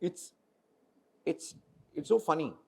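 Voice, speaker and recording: A man's voice: a little high, takes it slowly, gravelly, breathy edge. A middle-aged man with an Indian English accent, a film director telling stories onstage and acting out the quoted dialogue. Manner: animated storyteller, acts out quoted dialogue. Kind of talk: casual onstage conversation.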